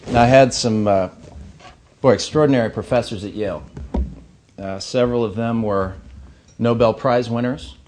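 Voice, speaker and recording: A man's voice: mid-range voice, moderate pace, pauses often, darkish tone, slight background noise. A man in his thirties from Missouri giving a keynote speech at an awards banquet, earnest and anecdotal with light humor. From Missouri, USA. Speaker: keynote speaker. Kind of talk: ceremony speech. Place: banquet hall.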